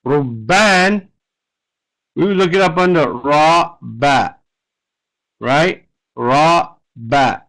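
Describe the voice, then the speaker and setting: Over a computer mic in an online class, an Arabic teacher with a fairly bright, higher male voice goes very slowly, pausing often, with vocal fry. He patiently works through a reading word by word, frequently asking "right?", on a rough recording.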